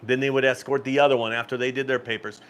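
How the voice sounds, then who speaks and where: A man's voice: medium pitch, level tone, fast talker, fairly bright tone. Chatty man rambling with laughs. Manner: rambling storyteller, frequent laughs and restarts. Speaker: cruise channel host. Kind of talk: casual live-stream chat.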